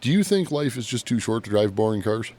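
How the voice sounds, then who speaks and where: A man with a Michigan accent, co-hosting a podcast about cars. His voice sits low but swings widely in pitch as he tells his stories, and he often restarts his sentences along the way. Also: a little fast. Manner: animated storyteller, restarts sentences. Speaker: podcast co-host. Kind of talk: casual chat.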